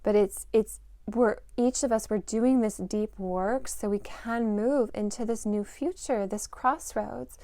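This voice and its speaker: A woman giving a spoken intuitive reading to parents, gentle and reflective, musing aloud with fillers. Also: a little high, a little slow, few pauses, dry recording. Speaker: intuitive reader.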